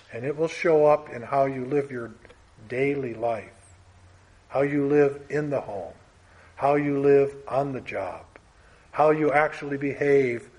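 A man preaching a sermon in a measured, emphatic way, letting his voice fall away softly at the end of phrases. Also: mid-range voice, breathy edge.

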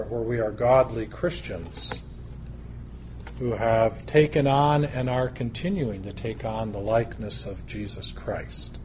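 A man preaching a sermon, speaking deliberately and building emphasis through long lists. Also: mid-range voice, darkish tone, slight background noise.

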